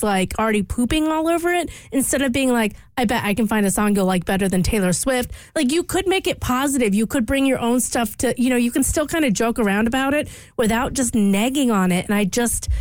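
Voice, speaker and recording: A woman with a slightly high voice gives earnest, opinionated advice as a radio co-host. Her voice is close and dry in the studio. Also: no echo. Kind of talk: casual radio chat, giving advice.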